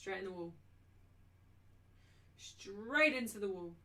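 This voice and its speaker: A woman hosting a live match watchalong, chatting casually and slipping into high baby talk with her dog. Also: expressive, takes it slowly, sharp tone. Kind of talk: casual live commentary and chat. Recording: voice a little distant from the mic.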